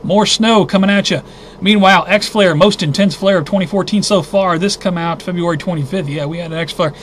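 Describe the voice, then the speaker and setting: A man hosting a casual weekly news roundup, reading headlines and reacting with indignant, halting comments. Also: sits high, a little hiss or hum. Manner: agitated, indignant, thinking aloud with restarts. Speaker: host of a weekly news briefing.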